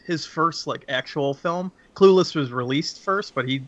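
A man's voice: on the high side, a little slow. A man with a slightly raised voice rambles through a film plot in loose, laughing chat. The recording sounds dull and lo-fi. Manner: laughing, rambling, crude humor.

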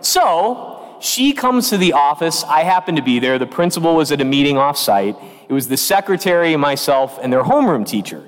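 Priest giving a sermon: high, lively voice, lots of pitch swings, church reverb. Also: male voice, fairly quick. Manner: storytelling with lively quoted voices. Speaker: pastor.

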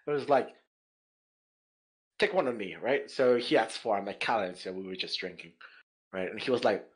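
A man, a chef guest on a podcast, chatting casually and telling animated stories with many repeated words. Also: fairly low pitch, moderate pace, low-quality recording. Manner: animated storyteller, repeats words, laughs easily. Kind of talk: casual chat.

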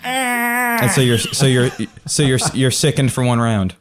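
A man's voice: mid-range voice, very animated, measured pace, crowd noise. A man narrating as game master of a tabletop game, rambling with many fillers.

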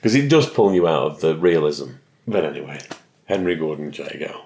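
A man's voice: very deep voice, expressive, fairly quick, a little mellow. A man from England hosting a podcast, chatty and reflective in a casual review conversation. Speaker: podcast host.

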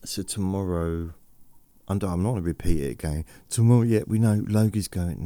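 A man rambles through a bedtime podcast in a deep, gravelly voice. He talks slowly and drowsily, wandering off topic with self-deprecating asides. The sound is dark, dry and close, processed to feel soothing. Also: no room sound. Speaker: podcast host. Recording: processed close-mic studio voice.

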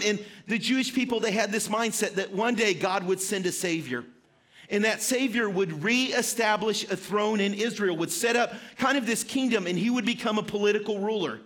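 High-voiced earnest male pastor. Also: moderate pace, fairly bright tone. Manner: conversational, earnest preaching with repeated phrases. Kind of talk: sermon. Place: church sanctuary.

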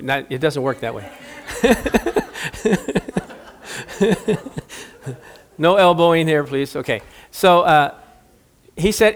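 Animated, high-voiced preaching man. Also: unhurried, pauses often. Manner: conversational, jokey preaching with acted-out quotes. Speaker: pastor. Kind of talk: sermon.

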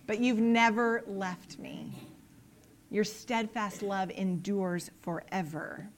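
A woman's voice: mid-range voice, a little mellow. Earnest woman preaching a sermon. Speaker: pastor.

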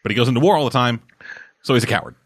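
A man's voice: mid-range voice, rapid-fire, dry recording, studio quality. A man casually riffing along to a film with friends, sarcastic and profane.

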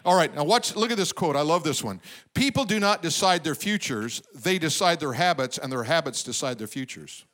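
This man, a pastor, delivers a sermon in a somewhat high, slightly bright voice with lively intonation and a brisk pace. Asides invite the crowd to respond, and he dramatizes quotations as he goes.

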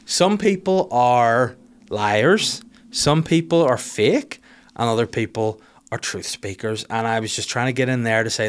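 Man, thirties, sweary storyteller, self-mocking, mid-pitched voice. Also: a little slow, clean tone. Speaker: comedian telling stories. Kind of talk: casual storytelling monologue.

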